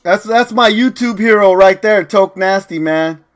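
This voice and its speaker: A man's voice: high-pitched, unhurried. A young man streaming a video game, chatting casually to his viewers and saying "dude" and "man" all the time. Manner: laid-back, talks to chat, says "dude" and "man" constantly.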